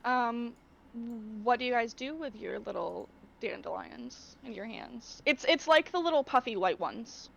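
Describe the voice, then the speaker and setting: A woman's voice: a little high, expressive, a little slow, creaky, a bit bright, highs cut off. A woman running an online tabletop game as game master, narrating playfully and drawing out her words.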